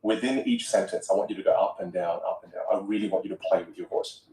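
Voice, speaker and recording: A man coaching on a podcast, talking in an expressive, musical way and repeating words as he gets going. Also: sits low, fast talker. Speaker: voice coach guest. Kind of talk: animated podcast conversation. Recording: roomy room, distant mic.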